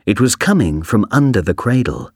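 A man reading a story aloud for a language textbook, slowly, clearly and expressively. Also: lowish voice, big pitch swings, no room sound, clean studio sound. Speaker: audio reader for a textbook. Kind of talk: scripted storybook narration.

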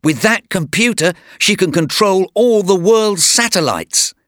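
A man's voice: high voice, animated, unhurried, fairly bright tone, dry recording, clean studio sound, voice pushed up. A man reading a learner's storybook and voicing a brave young hero who speaks urgently and eagerly. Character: brave young male hero, quick-thinking. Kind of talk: graded reader story acting.

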